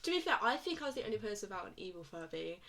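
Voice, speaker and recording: A woman's voice: mid-range voice, big pitch swings, very fast, a bit bright. A young woman co-hosting a podcast, chatting casually and rambling with lots of restarts and giggles. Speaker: podcast co-host. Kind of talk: casual chat.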